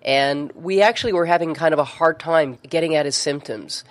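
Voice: mid-range voice, normal speed. A neurofeedback therapist telling a story in conversation, chatty, with frequent fillers and restarts.

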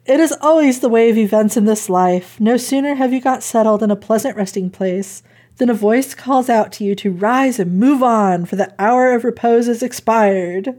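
A cruel, teasing gentleman, as a woman puts him on, mock-formal and sarcastic, a bit high. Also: normal speed, natural voice.

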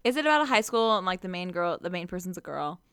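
A young woman hosting a podcast, chatting casually with playful teasing and quick jokes. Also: on the low side, very animated, fairly bright tone, smooth, dry recording, studio quality. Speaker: podcast host. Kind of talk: casual chat.

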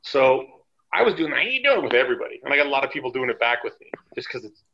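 Podcast guest, male, ex-wrestler. Gravelly, chatty raconteur. Faint hiss on the line. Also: mid-range voice, racing, highs cut off. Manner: animated, chatty anecdotes. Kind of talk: casual storytelling interview.

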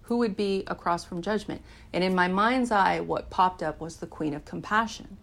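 A middle-aged woman with a somewhat low voice talks openly about her recovery. She is candid and animated and swears freely. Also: moderate pace, creaky. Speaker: recovery speaker. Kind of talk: personal recovery talk.

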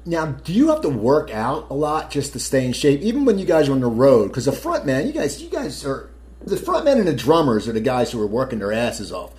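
A man's voice: medium pitch, huge pitch swings, brisk, a little mellow. A male interviewer who laughs often and asks long, rambling questions. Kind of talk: radio interview.

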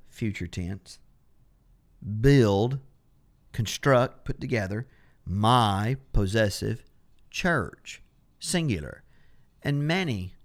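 A man teaching a Bible study on a podcast, who stresses and repeats key words as he explains them. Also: on the low side. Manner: steady explaining, restarts phrases.

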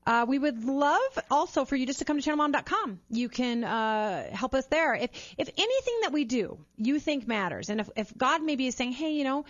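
A woman's voice: sits high, normal speed, few pauses, no room sound. Woman podcast host, earnest, stumbles over repeated words, a little lo-fi. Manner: warm-hearted, earnest, repeats words when excited. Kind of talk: upbeat interview and appeal to listeners. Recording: slightly dull lo-fi sound.

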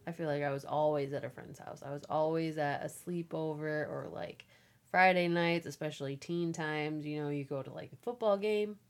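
Lively, storytelling woman podcast host. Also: sits low, normal speed, smooth. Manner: animated storyteller, acts out voices in quotes. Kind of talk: casual chat.

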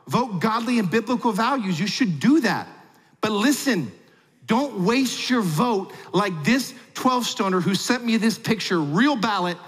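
A man preaching a sermon, telling a family story with jokes and big swings between quiet and loud. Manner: animated storyteller with big swings in pitch and loudness; humorous asides. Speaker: pastor. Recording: long hall reverb.

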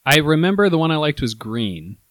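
A man's voice: on the high side, big pitch swings, a little fast, a bit bright, no room sound. Laid-back man in a dry-sounding candy chat. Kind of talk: casual chat, candy tasting.

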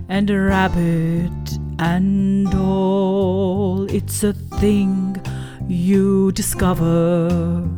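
Woman singing as Winnie the Pooh, slow and sweet. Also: medium pitch. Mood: dreamy. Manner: sung slowly and sweetly over plucked guitar. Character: gentle, hungry, dreamy male teddy bear. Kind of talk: sung children's song. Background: acoustic guitar.

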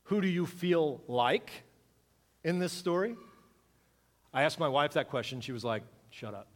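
A man's voice: fairly high pitch, expressive, measured pace, long reverb tail. A man preaching a conversational sermon, reading scripture and asking his congregation questions. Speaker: pastor.

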